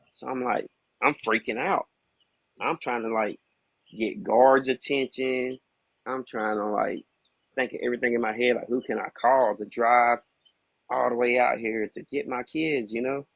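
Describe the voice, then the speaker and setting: A man's voice: medium pitch, fairly even intonation, a little slow, creaky, no echo. A man guesting on a podcast, casually and candidly telling a hard personal story, peppered with "you know what I mean.".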